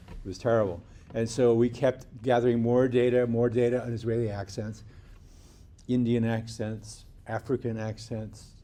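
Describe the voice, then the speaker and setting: In a lecture hall, a man with a warm, medium-pitched voice gives a university lecture conversationally. He often restarts sentences and checks in with the class, tossing in a rhetorical "right?"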